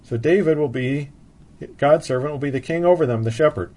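A man's voice: medium pitch, brisk, mellow. A man giving an expository Bible sermon, reading scripture passages aloud in old-fashioned wording and then explaining them plainly. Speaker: Bible teacher.

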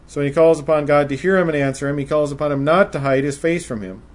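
A man preaching a sermon, speaking in a measured way and reading scripture passages aloud in old-style wording. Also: a little high.

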